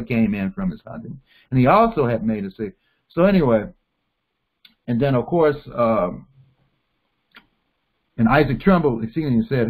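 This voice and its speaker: A man reading Bible verses aloud and pausing to explain them in his own words. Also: mid-range voice, breathy edge. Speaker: Bible teacher. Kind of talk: scripture reading with commentary. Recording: tinny phone-like sound.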